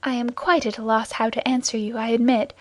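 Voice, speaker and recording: A woman's voice: a little high, steady tone, a little fast, no echo, close to an everyday voice. A woman voicing a frightened, secretive young woman in an audiobook, with urgent, pleading questions.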